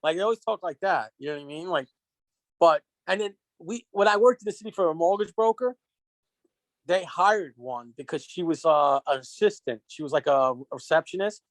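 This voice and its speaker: A man's voice: fairly high pitch, expressive, normal speed, no room sound. A man filling in as co-host, telling rambling, profane stories in casual chat. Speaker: guest co-host.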